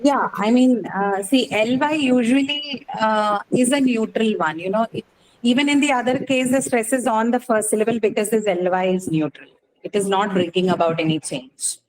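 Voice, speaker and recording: A woman teaching an English class, explaining slowly and checking in with "right?" after each point. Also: fairly high pitch, darkish tone, rough recording. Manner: explains patiently, says "right?" often. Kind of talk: online class lecture.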